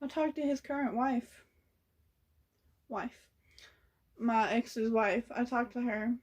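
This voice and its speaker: A young woman retells a story straight to camera, loose and slangy. Her voice sits a bit higher than most women's. She talks in a lively, gossipy rush of asides. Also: takes it slowly. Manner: chatty, slangy, animated retelling. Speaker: vlogger. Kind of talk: casual storytelling.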